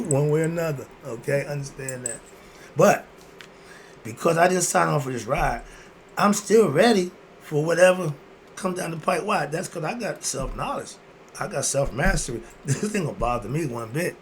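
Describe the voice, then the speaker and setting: A man's voice: on the high side, lively intonation, moderate pace, a little hiss or hum. A man in his sixties hosting his own video, ranting bluntly and answering his own rhetorical questions. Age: 60s. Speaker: video host. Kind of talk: ranting monologue.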